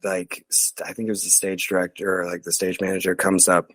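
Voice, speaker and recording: A man in his thirties telling stories as a podcast guest in a casual, rambling way, full of fillers and lively impressions of other people. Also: sits low, brisk, no echo. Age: 30s. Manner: rambling, filler-heavy, animated quoting of others. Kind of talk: casual storytelling interview. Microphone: podcast studio mic.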